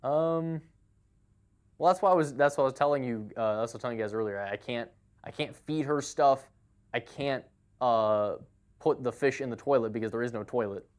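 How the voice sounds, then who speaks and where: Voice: mid-range voice, a little fast. A live game streamer in casual chat, greeting viewers by name and laughing easily.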